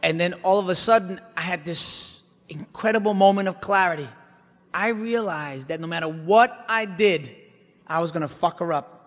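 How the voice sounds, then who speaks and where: A man performing a comic stage monologue in a theater, telling his story with animated swings between loud and hushed delivery. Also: high voice, normal speed. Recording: live hall reverb, faint background noise.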